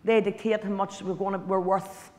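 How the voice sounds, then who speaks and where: A woman's voice: mid-range voice, level tone, normal speed. Woman, guest speaker at a business event, chatty, repeats lines, big hall echo. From Ireland. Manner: chatty, direct, repeats key lines for emphasis. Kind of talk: motivational speech to an audience. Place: large hall. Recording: hall reverb, stage speech.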